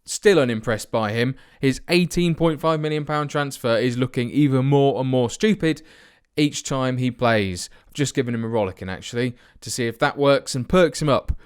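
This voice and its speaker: A man's voice: medium pitch, moderate pace, clear, resonant tone. A young man hosting a football management let's play, with sarcastic, self-mocking commentary.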